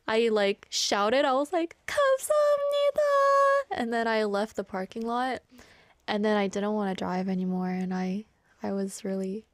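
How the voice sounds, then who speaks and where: A young woman hosts a radio show in a casual, chatty way. Her voice sits a little high and the studio sound is dry and close. She tells stories with animated bursts when quoting people. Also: dry recording. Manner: animated storyteller, acts out quotes in high bursts. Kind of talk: casual radio chat, storytelling. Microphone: studio microphone.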